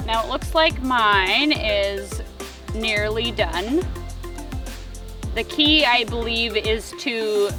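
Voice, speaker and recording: A woman's voice: fairly high pitch, extremely slow, music in the background. A woman hosting a family vlog, chatting casually as she cooks treats over a campfire outdoors. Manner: chatty, explains steps while cooking. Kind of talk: casual cooking demonstration.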